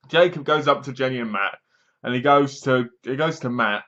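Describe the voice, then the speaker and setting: A man's voice: mid-range voice, moderate pace, pushed and bright. Sarcastic man reviewing a horror film. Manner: sarcastic, mocking, acts out scenes. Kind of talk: casual spoken movie review. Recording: dull lo-fi sound.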